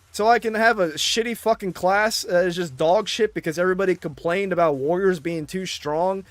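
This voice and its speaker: A man's voice: high voice, fairly bright tone, no echo. A man ranting in casual chat, exasperated and swearing constantly.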